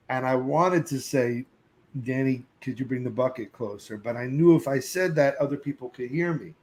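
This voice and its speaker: A middle-aged man, a podcast guest, telling a lively anecdote, acting out other voices and cursing casually. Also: medium pitch, rough recording. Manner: lively storyteller who acts out other voices and sings snatches; curses casually. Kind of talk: animated storytelling.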